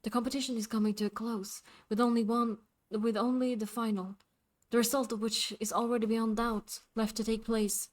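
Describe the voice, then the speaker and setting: A woman voicing a calm, formal frog who hosts a jumping contest, speaking softly and courteously. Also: fairly high pitch, lightly acted. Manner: soft-spoken, courteous, measured.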